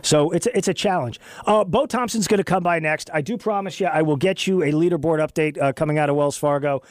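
A man hosting a talk radio show, chatting loosely with a co-host, animated and rambling with frequent restarts. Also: fairly high pitch, fast talker, no room sound. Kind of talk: casual talk radio chat. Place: radio studio. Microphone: studio microphone.

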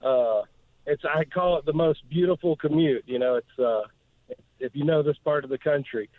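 A man from northeast Georgia calls in to a radio show, speaking earnestly and emotionally with many pauses and fillers. His voice is fairly high, heard over a tinny, dry phone line.

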